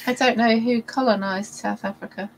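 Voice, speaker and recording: A woman's voice: fairly high pitch, steady tone, moderate pace, creaky, rough recording. A woman from England co-hosting a live stream, giving short, dry, self-deprecating replies. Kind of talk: casual live-stream chat.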